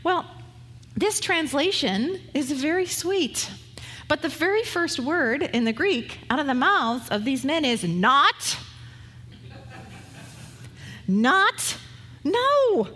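A woman's voice: sits high, very animated, slow pace, fairly bright tone, long reverb tail. A woman pastor preaching a sermon in a conversational, humorous way, acting out the voices she quotes.

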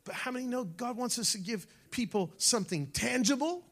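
Gravelly, high-voiced preaching man. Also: a little fast. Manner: animated preaching, shifting from shouts to near-whispers. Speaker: pastor. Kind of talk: sermon.

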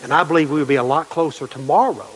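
A man preaching a sermon as pastor, emphatic and repetitive, swinging between loud and quiet passages. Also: a little high, fast talker, in a large hall, slight background noise, poor audio.

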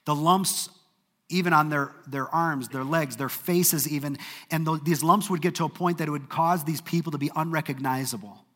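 A man preaching a sermon, telling a story earnestly, sometimes brisk and sometimes dropping to a hush. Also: fairly high pitch, long reverb tail. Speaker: pastor.

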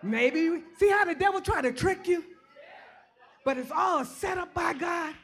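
A woman preacher giving a shouted, repetitive sermon in a church, calling out congregants by name and drawing responses. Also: very high voice, normal speed.

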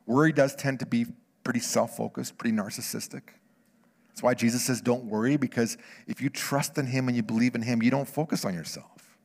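A male pastor preaching a sermon, shifting between hushed near-whispers and loud animated bursts, often repeating words as he restarts his phrases. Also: medium pitch, a little fast, in a large hall.

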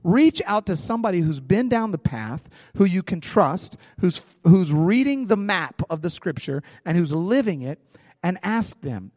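A pastor telling a personal story in a sermon, conversational and animated, in a large church hall. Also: male voice, sits high, unhurried, clean studio sound.

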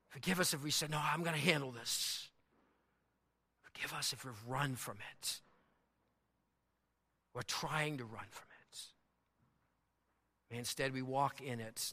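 A male pastor delivering a sermon in a church, building to loud, emphatic peaks and dropping low and soft for prayer. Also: vocal fry. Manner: dynamic preaching, swells loud and high for emphasis. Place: church sanctuary. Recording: long hall reverb.

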